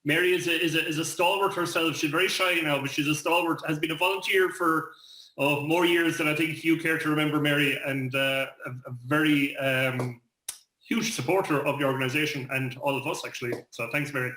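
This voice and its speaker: Man guest, bright edgy voice, rambles a bit, sounds far off in a roomy space on a video call. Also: on the high side, steady tone, a little fast. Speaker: guest, parent. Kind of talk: casual interview chat.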